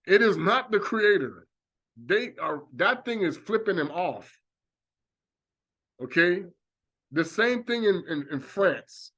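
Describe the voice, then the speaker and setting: A man preaching a religious monologue, talking animatedly and acting out reactions with exclamations. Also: sits high. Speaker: religious teacher.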